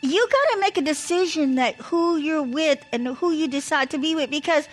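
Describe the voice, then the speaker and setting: Her voice sits high and moves at a moderate pace, with faint music in the background of a rough recording. Chatty and anecdotal, this woman shares marriage advice through casual stories, often saying "blah, blah."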